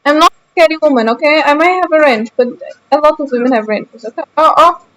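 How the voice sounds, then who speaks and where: A woman's voice: high voice, quick pace, a bit bright, no room sound, low-quality recording. A young woman streaming a game, chatting casually with her viewers in a teasing, mock-indignant way.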